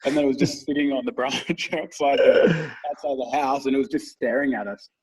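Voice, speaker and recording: A man's voice: mid-range voice, a little fast, darkish tone, breathy edge, recorded from a distance, rough recording. A man in his thirties, co-hosting a podcast, who rambles through casual stories and swears freely. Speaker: podcast co-host. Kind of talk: casual chat.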